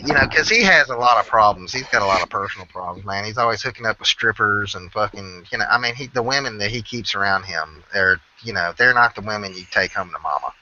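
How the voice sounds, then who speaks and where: A man with a Southern country accent rambles through a casual, swearing-laden chat. His voice is very bright and forceful. The audio is dull and lo-fi. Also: lowish voice, quick pace, few pauses, a little hiss or hum. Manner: rambling, profane, swears constantly.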